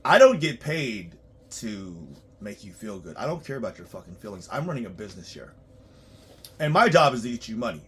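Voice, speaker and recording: Husky man ranting bluntly. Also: sing-song, a little fast. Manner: blunt, profane, swings between loud outbursts and low muttering. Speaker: tax preparer. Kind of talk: profane ranting monologue.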